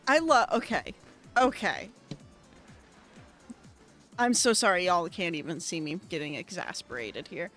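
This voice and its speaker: A woman streaming a video game, rambling excitably with lots of fillers into a desk microphone at her computer. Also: on the low side, measured pace, pauses often, faint music behind. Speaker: gaming streamer. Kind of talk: casual let's-play commentary. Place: at home at a computer.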